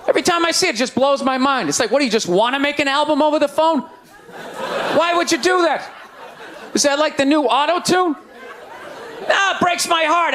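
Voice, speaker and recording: A man in his forties doing a stand-up routine on stage, ranting loudly and sarcastically. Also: very high-pitched, slight background noise. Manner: loud ranting delivery, sarcastic. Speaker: stand-up comedian. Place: comedy stage before a live audience. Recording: live show with crowd laughter.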